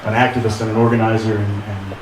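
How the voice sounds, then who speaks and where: A man giving a halting, informal eulogy at an outdoor memorial, full of pauses and dry jokes. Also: on the low side, level tone. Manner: hesitant, many "uh" fillers, dry humor. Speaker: memorial speaker. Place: outdoor gazebo. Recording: echoey, distant, noisy.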